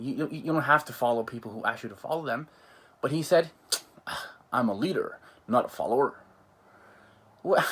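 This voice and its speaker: A man giving an informal religious talk on parenting, animated, with frequent restarts and quick mimicked asides. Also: mid-range voice. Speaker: Islamic preacher.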